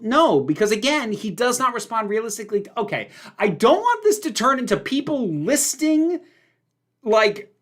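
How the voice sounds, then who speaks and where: A man's voice: high voice, fairly bright tone. A man hosting a casual livestream, answering viewer questions in an opinionated, emphatic way with lots of fillers.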